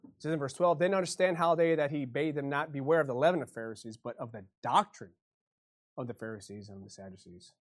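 A man preaching a sermon, swinging from quiet folksy asides to loud impassioned passages and acting out quoted voices. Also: mid-range voice, fast talker. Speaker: pastor.

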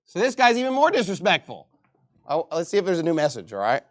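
A man's voice: high-pitched, very animated, fast, no echo, studio quality. A man preaching a sermon, reading scripture aloud and mocking people by putting on voices. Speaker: pastor.

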